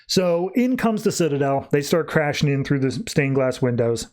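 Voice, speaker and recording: A male podcast host walking through a comic story in loose, everyday conversation. His voice sits at an ordinary mid pitch, relaxed and chatty. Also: moderate pace. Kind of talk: casual comic recap.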